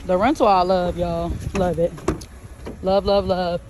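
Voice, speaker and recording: A young woman vlogger chats casually to her viewers outdoors, recording on a phone camera with background noise. Her voice is lowish, level in tone, and unhurried, and she repeats phrases and calls her audience y'all.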